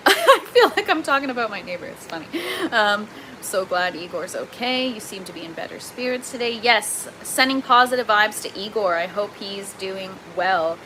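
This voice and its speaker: Chatty bright-voiced Canadian woman. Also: medium pitch, a little hiss or hum, poor audio. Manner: excitable, chatty, quick to laugh. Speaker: gardening livestream host. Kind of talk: casual livestream chat, reading viewer comments aloud.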